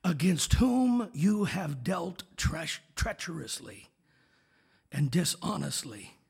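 A man preaching a sermon, rising to shouts and dropping to near whispers, with call-outs to his congregation. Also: a little high, big pitch swings, takes it slowly, gravelly, breathy edge. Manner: swings from shouted exhortation to hushed, near-whispered asides. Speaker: pastor.

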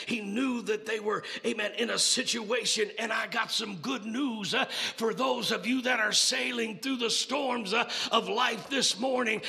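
A man preaching a sermon, building to shouted exclamations with many "uh" and "amen" fillers. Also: high voice, gravelly.

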